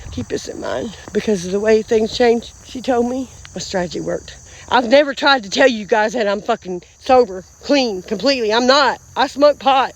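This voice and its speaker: High-voiced, blunt, fired-up woman. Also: a little hiss or hum. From Indiana. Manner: blunt, profane, fired-up and repetitive. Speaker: vlogger in recovery. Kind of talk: emotional straight-to-camera vlog. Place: outdoors in a rural field.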